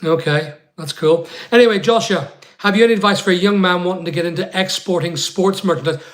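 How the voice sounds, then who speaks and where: A Northern Irish man with a fairly high voice, hosting a casual livestream. He chats loosely and rambles, calling out viewers by name as he answers them. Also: a little fast. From Northern Ireland. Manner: chatty and rambling, talks straight to viewers by name. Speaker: online seller hosting a live chat.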